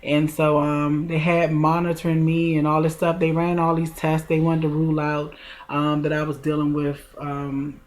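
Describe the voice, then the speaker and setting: A woman's voice: low-pitched, monotone, slight background noise. A woman in her forties telling a personal story in a casual vlog, chatty and talking straight to her viewers. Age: 40s. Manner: chatty, addresses viewers directly, drawn-out emotional retelling. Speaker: vlogger.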